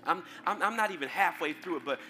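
A male pastor preaching a sermon to his congregation, calling out to the crowd, then dropping into a quiet storytelling voice. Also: fairly high pitch, quick pace, in a large hall, a little hiss or hum. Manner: call-and-response preaching, swings from shouting to soft storytelling. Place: large church hall.

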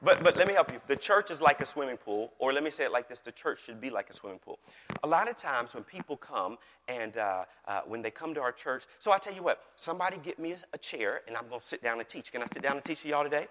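A man's voice: medium pitch, expressive, fast, a bit bright, slight background noise. A man preaching a sermon as pastor, folksy and joking, calling on the congregation to answer back. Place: large church hall. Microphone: microphone on stage. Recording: long hall reverb.

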